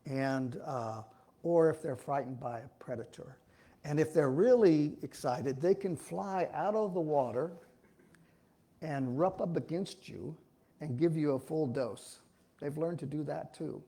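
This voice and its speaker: This church speaker has a voice on the high side with a dark tone, and he talks unhurriedly. His folksy, informal sermon wanders, full of frequent restarts.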